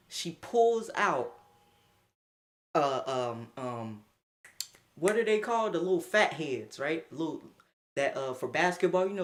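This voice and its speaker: A young man streaming a casual storytime, slangy and animated, laughing as he tells it. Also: fairly high pitch.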